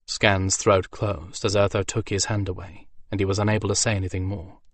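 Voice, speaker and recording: A man narrating a fantasy audiobook in a steady, measured storytelling manner. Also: low-pitched.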